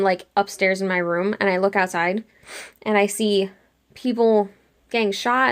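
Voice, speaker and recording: A young woman chatting casually while she sketches, retelling a dream in an animated way and acting out her own lines with lots of "like". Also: on the high side. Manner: chatty, animated quoting of herself with frequent "like". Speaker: art vlogger.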